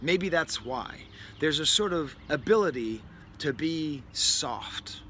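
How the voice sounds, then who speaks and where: Taking it slowly, a New England man with a slightly high, bright and forceful voice and lively intonation hosts a casual record review. His wry, rambling commentary is peppered with asides and self-interruptions. Faint background noise accompanies the indoor setting, where a bird can be heard outside the window.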